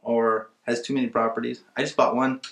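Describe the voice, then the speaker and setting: A man's voice: medium pitch, little pitch movement, fairly quick, creaky, a bit bright, echoey room. A man teaching a casual webinar, talking emphatically and acting out bits of his calls with sellers. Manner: conversational, emphatic, acts out seller dialogue. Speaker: real estate investing instructor.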